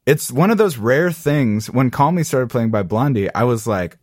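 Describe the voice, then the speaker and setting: A man's voice: mid-range voice, dry recording, clean studio sound. A man co-hosting a podcast, chatting casually and playfully about a TV episode over a video call. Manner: animated, quick asides, playful quoted voices. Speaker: podcast co-host. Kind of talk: casual recap chat.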